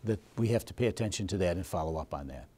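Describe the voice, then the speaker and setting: A man's voice: low-pitched, lively intonation, rapid-fire, mellow, slightly rough. A man presenting a seminar, quizzing his audience and acting out scenes with them. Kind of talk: interactive seminar teaching.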